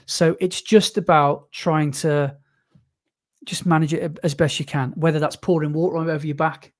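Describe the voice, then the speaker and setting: A man from the UK talks casually on a podcast, rambling with fillers and quick restarts. His voice sits a little high for a man. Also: steady tone. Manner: chatty, enthusiastic, many fillers and restarts. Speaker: podcast co-host. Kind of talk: casual chat.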